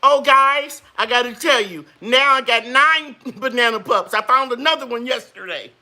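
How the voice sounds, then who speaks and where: A woman's voice: fairly high pitch, normal speed, pushed and bright. A woman hosting a live gardening chat, folksy and chatty, greeting viewers and laughing often. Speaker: gardening channel host.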